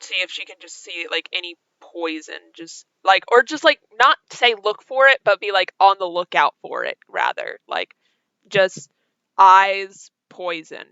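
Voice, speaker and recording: A woman playing in a tabletop game, slowly working out her character's actions with many pauses and restarts. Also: medium pitch, lively intonation, bright, forceful tone, smooth, dry recording, muffled recording. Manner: hesitant, full of ums and restarts. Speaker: player.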